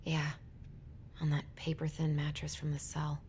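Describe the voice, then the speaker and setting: A haunted young sister, voiced by a woman, speaks softly in a very low voice, subdued and hesitant. Her game dialogue carries a clear layer of background noise. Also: monotone, moderate pace, close to an everyday voice.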